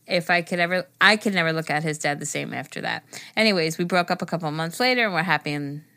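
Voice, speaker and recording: A woman co-hosting a casual podcast, reading listener stories aloud in an animated manner and exclaiming often. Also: lowish voice, quick pace, no echo. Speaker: podcast co-host.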